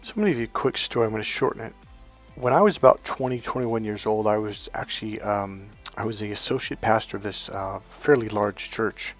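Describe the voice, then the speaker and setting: A man's voice: on the low side, fairly quick, faint music behind. A middle-aged man giving dating coaching and telling a personal story in an earnest, emphatic way, sometimes acting out what others said. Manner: earnest, emphatic, acts out quotes.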